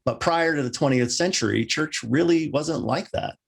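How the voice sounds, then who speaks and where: A male minister delivering a sermon, with wry joking asides and lively rising emphasis. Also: on the high side, normal speed, gravelly, slightly rough.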